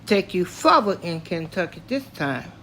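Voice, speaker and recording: A man's voice: high voice, big pitch swings, moderate pace, bright, forceful tone, a little hiss or hum, exaggerated voice. Older man voicing a menacing Southern lawman. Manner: curt, menacing commands. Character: stern, threatening white Southern lawman, grown man.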